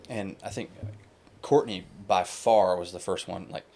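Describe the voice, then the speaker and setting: A man in his thirties with a deep, mellow voice speaks a little slowly as a podcast guest. His talk is casual conversation, rambling along with lots of fillers and restarts.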